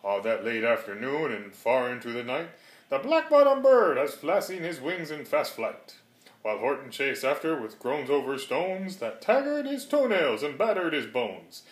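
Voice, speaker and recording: A man's voice: mid-range voice, big pitch swings, normal speed. Sing-song man reading a rhyming storybook. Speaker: reader. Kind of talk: storybook read-aloud. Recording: roomy echo.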